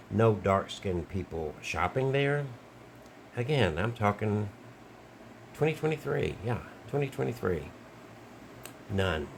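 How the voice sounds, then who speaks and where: Blunt older man, very low voice. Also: a little hiss or hum. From Alabama. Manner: blunt, rambling, many fillers. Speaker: video commentator. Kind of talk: casual monologue to camera.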